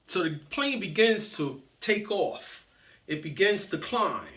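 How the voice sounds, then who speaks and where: A man's voice: sits high, big pitch swings, slow, sharp tone. A man giving a motivational speech as a story, playfully greeting audience members by name. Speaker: motivational speaker.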